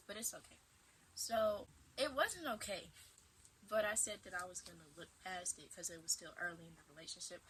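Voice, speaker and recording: A woman's voice: mid-range voice, normal speed, a little hiss or hum, poor audio. A woman in her twenties telling a casual storytime vlog at home into her camera, acting out dramatic retorts as she goes. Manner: animated, acts out dramatic quoted retorts. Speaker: vlogger.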